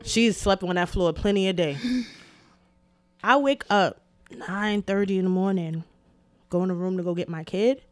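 A young adult woman telling a story in a casual podcast chat, animated, emphatic and full of profanity. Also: medium pitch, normal speed, pauses often. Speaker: podcast co-host.

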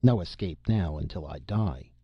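Storybook alien read by a man: tall, eager green man, stilted earnest speech, low pitch, dull dry sound. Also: animated, moderate pace, slightly rough, no echo.

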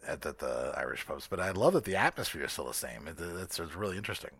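A man's voice: sits low, animated, fast, vocal fry, a bit bright, slightly rough, no room sound, studio quality. A man co-hosting a podcast in casual chat, rambling with lots of restarts and fillers. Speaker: podcast co-host.

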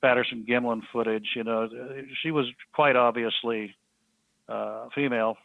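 A man, a podcast guest, telling a story in a halting, earnest way with many restarts. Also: mid-range voice, steady tone, creaky, no echo. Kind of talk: storytelling in an interview. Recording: thin phone-like line, dry.

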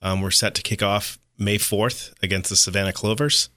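A man guesting on a radio show as a soccer club board member, with dry, deadpan humor. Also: fairly low pitch, normal speed, no echo. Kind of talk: casual radio chat. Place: radio studio.

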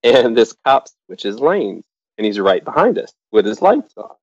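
A middle-aged man with a mid-range voice, speaking a little slowly, tells an audience a personal anecdote and lively acts out the voices of the people involved. The dull, lo-fi recording has no room sound.

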